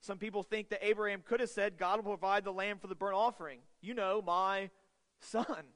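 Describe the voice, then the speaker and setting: A male pastor preaching a sermon with an earnest manner, rising to loud, urgent peaks and then dropping to quiet stretches. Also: high-pitched, fairly even intonation, brisk. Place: church sanctuary. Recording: long hall reverb.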